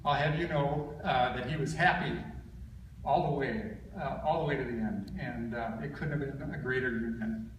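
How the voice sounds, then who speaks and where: A middle-aged man delivers his father's eulogy at a funeral, pausing often to gather his words and leaning on gentle humor. His voice is of ordinary pitch. It carries from a distance through an echoey hall, with a steady hiss of background noise. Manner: halting, with frequent filler pauses and gentle humor. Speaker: son giving a eulogy.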